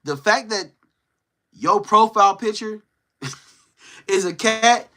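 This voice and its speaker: A man's voice: high-pitched, slow pace, bright, forceful tone. A young man streaming live, casually chatting with his viewers and playfully teasing trolls in the chat. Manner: teasing, playful trash talk.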